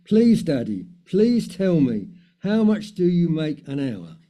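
A man's voice: medium pitch, lively intonation, measured pace, warm tone, close to an everyday voice. A man voicing a small seven-year-old boy who pleads with his father, read earnestly in a told story. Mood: pleading.

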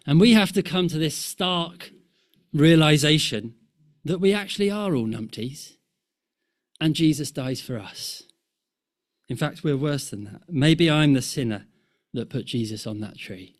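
A man preaching a sermon, rhythmic and impassioned, rising in force and falling to a hush. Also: a little high, lively intonation. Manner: slow, rhythmic, swelling and dropping to near-hush.

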